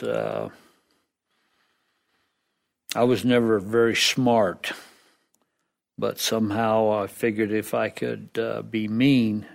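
A man's voice: on the low side, vocal fry, darkish tone. A man sharing his story at a recovery meeting, plainspoken and self-deprecating about his past. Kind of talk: personal testimony.

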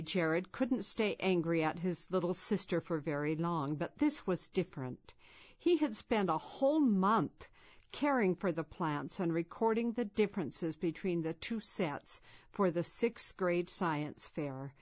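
A woman reading a children's story aloud in a gentle, measured way. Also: lowish voice. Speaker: narrator. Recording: dull lo-fi recording.

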